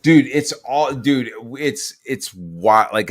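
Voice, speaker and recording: A man's voice: mid-range voice, expressive, measured pace, few pauses, dry recording, clean studio sound. A man hosting a podcast, telling a heated, rambling story full of profanity and fillers. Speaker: podcast host. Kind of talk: casual storytelling rant.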